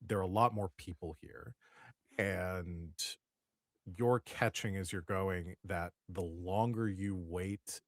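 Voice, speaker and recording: A man running a tabletop role-playing game as game master, describing the scene in a halting way, with many fillers. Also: low voice, steady tone, no room sound, studio quality.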